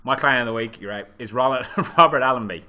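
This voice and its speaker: A man's voice: medium pitch, fast, bright, forceful tone. A man co-hosting a sports show, bantering and teasing in casual chat. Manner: joking, teasing.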